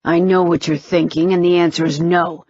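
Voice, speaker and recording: A woman reading an audiobook, voicing a furious, domineering shapeshifter man with forceful, snarling insistence. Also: fairly low pitch, flat delivery, moderate pace, dry recording, natural voice. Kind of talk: audiobook character voice. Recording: slightly dull, dry recording.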